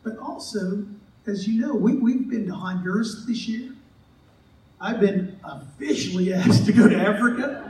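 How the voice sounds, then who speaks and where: High-voiced pastor preaching in an echoey church. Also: male voice, unhurried, a little mellow, recorded from a distance, slight background noise. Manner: conversational, joking, acts out quoted voices. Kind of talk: sermon. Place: church sanctuary. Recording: echoey church hall, mic from afar.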